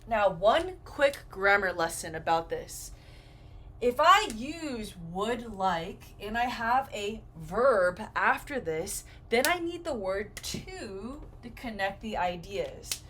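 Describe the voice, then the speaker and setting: A woman teaches English grammar at an unhurried pace, her pitch swinging widely as she acts out little example phrases. A faint hiss of background noise sits under her voice. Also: big pitch swings, fairly bright tone. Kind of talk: grammar lesson.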